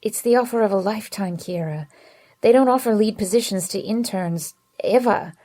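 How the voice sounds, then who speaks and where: A woman reading an audiobook, voicing a tired young boyfriend who speaks softly and apologetically in a hushed, low voice. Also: normal speed, close to an everyday voice. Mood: tired, apologetic.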